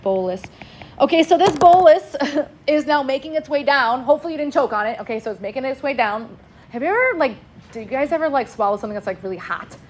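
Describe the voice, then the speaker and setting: Woman teacher lecturing casually, kinda high voice, faint hiss behind. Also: expressive, quick pace. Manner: casual, chatty, with call-and-response prompts. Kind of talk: classroom lecture.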